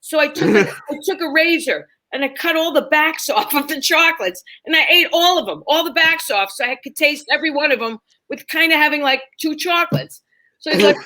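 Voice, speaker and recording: A woman's voice: high voice, normal speed. A woman comedian telling funny stories in a casual chat, laughing often and acting out other people's voices. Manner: animated, laughing, acts out voices in her stories. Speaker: comedian guest. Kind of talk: storytelling chat.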